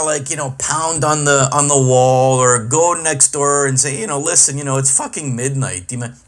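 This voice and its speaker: A man's voice: fairly high pitch, a bit bright. Profane, exasperated ranting man. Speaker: podcast host and comedian. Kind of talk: comic rant monologue.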